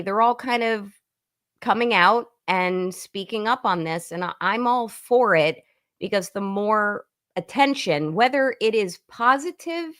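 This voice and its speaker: A woman lawyer calling in as a guest on a live stream, her voice at an ordinary middle pitch. She talks in long, earnest run-on explanations in a casual, conversational way. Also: a bit bright.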